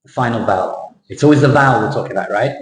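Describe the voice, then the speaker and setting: Teacher drilling words in a roomy class. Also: male voice, medium pitch. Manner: drills words slowly, mixes in Thai asides. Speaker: pronunciation teacher. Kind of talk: accent coaching lesson. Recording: roomy classroom with faint hum.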